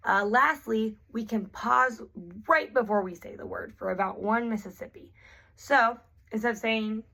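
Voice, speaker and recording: A woman teaching therapy strategies in a clear, patient way, often starting sentences with an um. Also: mid-range voice, normal speed, bright, forceful tone. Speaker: therapy instructor. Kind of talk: instructional explanation.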